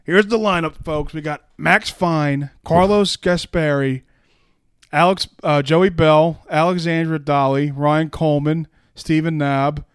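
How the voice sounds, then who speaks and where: A man co-hosting a comedy podcast, playful, with deadpan asides and mock-announcer bits. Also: fairly high pitch, a little slow, clear, resonant tone, dry recording, studio quality. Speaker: podcast co-host. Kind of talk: casual comedy podcast banter.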